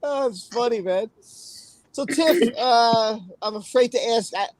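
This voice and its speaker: Male stream host, jokey and chatty, light high voice, dry recording. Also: takes it slowly, no echo, poor audio. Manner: chatty, jokey, thanks viewers. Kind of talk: casual live-stream chat.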